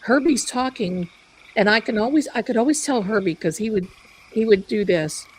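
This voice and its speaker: A woman hosting a live stream, telling a story in an animated, chatty way. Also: a little high, moderate pace, a little hiss or hum, low-quality recording. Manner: animated, chatty, loud bursts of laughter. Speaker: psychic live-stream host.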